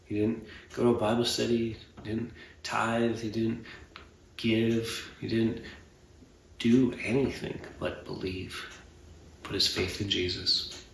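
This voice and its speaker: A pastor delivers an earnest, measured sermon in a gravelly, lowish voice. The mic sits some way off, so the church room rings around him. Faint background hum fills the gaps between his phrases. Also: a bit bright. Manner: earnest, measured, with fillers and pauses. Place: church sanctuary. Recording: roomy church sound from a distant mic.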